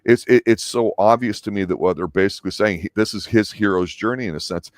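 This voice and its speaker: A man's voice: on the low side, fast talker, no echo, clean studio sound. A man co-hosting a casual film review chat, agreeing easily and drawing out themes. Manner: agreeable, reflective, draws out themes. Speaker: movie review show co-host.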